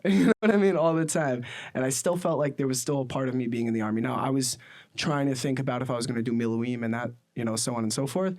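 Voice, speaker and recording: A man in his twenties from the United States, hosting a casual podcast and telling stories in a rambling, animated way full of fillers. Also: mid-range voice. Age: 20s. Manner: rambling and animated, with many fillers like "you know what I mean". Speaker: podcast host.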